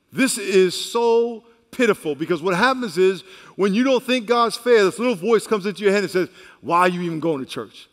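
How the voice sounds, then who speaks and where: Middle-aged pastor preaching, high voice, big echoey church hall, goes loud then quiet. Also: male voice. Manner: animated preaching, swinging from loud to hushed. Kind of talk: sermon.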